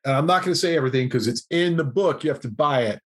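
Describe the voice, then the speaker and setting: A man guest on a podcast, telling a story in a casual, animated way and acting out what people said. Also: on the high side, quick pace, breathy edge. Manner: animated anecdote-telling, acts out quotes. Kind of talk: conversational storytelling.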